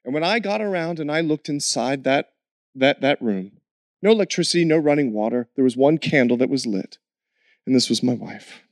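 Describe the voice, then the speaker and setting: A man, a missionary, tells his story in an animated way with frequent laughs, then slows into an earnest prayer. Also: mid-range voice, dry recording, studio quality. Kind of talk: testimony story ending in prayer.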